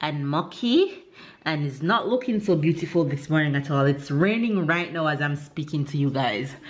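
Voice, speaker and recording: A woman's voice: sits low, expressive, normal speed. A woman with a Jamaican accent chatting casually to her vlog audience from home, upbeat and motivating, laughing often. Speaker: vlogger and mother. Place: indoors at home. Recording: roomy echo.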